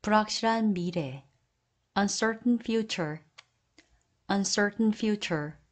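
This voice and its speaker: A woman with a medium-pitched voice reads through an English vocabulary list, giving each Korean term and then saying the English phrase twice, slowly and deliberately.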